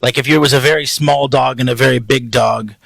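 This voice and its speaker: A man hosting a studio podcast, asking casual, halting questions. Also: mid-range voice, fairly even intonation, gravelly, fairly bright tone, no room sound. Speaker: podcast host. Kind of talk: podcast interview.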